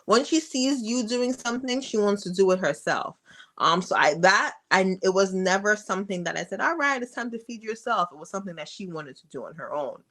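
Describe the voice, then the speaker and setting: Woman, podcast guest, mother of a toddler, frank, mid-range voice, lively quoted dialogue. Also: fairly quick. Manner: frank, acts out dialogue with her daughter in a high voice. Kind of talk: casual interview storytelling.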